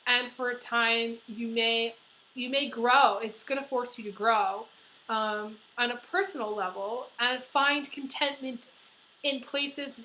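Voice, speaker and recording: A middle-aged woman giving a casual tarot reading, blunt and chatty, swearing freely and filling pauses with "you know". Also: fairly high pitch, sharp tone, low-quality recording. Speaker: tarot reader.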